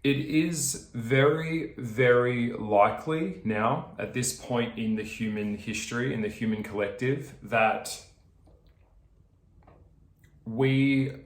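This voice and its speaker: An Australian man rants straight at his viewers, swearing freely and laughing between points. His voice sits at an ordinary middle pitch. The sound bounces around an echoey room. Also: takes it slowly. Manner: swearing, ranting, laughing, addresses viewers directly. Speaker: video creator. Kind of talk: casual vlog chat.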